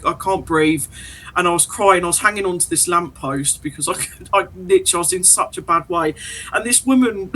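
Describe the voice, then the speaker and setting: A woman, a podcast guest, recounting a frightening experience in animated detail, acting out the dialogue as she goes. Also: lowish voice, poor audio. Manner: animated, emotional retelling with quoted dialogue. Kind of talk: personal storytelling in an interview.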